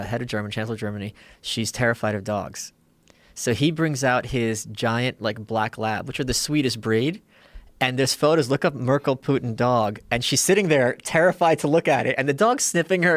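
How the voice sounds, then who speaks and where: A man's voice: medium pitch, moderate pace, no echo. A man talking as a podcast guest in a studio, telling blunt, profane stories in casual chat. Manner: animated, blunt, profane storyteller. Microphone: studio mic.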